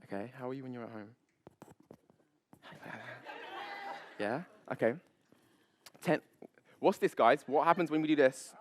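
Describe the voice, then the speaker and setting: A man, a public speaking coach, leading a live seminar on stage with high energy, playful banter and frequent laughs. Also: expressive, unhurried, pauses often, noisy background. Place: event stage before an audience.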